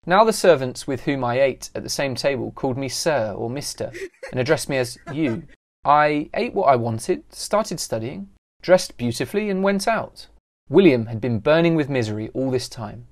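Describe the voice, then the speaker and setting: A man telling a first-person animated story in scripted narration. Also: mid-range voice, moderate pace.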